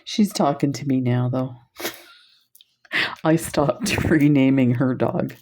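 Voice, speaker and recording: A woman's voice: rumbling low, steady tone, takes it slowly, dark tone. A woman presenting beads on camera in a casual chat, telling stories and laughing often. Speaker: bead shop video presenter.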